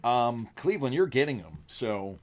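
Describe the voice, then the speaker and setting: A man hosting a live card break, chatty and joking, his voice a little rough from screaming, clearing his throat often. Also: mid-range voice, sing-song, moderate pace.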